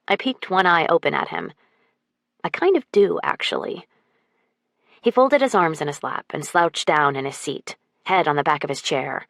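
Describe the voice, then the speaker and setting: A woman narrating a first-person romance audiobook with an expressive, wry delivery. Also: low-pitched, normal speed, no echo, clean studio sound.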